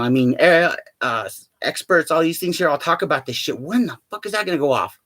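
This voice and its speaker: Young male vlogger, somewhat high voice, rambling profane humor, lots of fillers. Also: quick pace, a bit bright, no room sound. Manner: profane, joking, laughs often, many fillers. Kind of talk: rambling casual monologue to camera.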